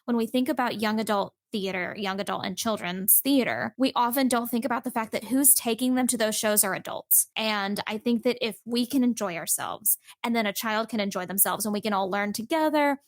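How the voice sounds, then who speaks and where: Woman guest on a chat podcast: slightly high, chatty, talks in loose filler-laden runs, dry mic. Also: brisk, hardly any pauses, no room sound. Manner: chatty storyteller, many fillers like "like".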